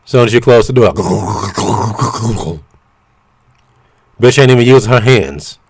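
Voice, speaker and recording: A man's voice: medium pitch, animated, quick pace. A man ranting bluntly and profanely to camera, retelling an argument with quoted back-and-forth. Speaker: vlogger. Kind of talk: casual ranting monologue.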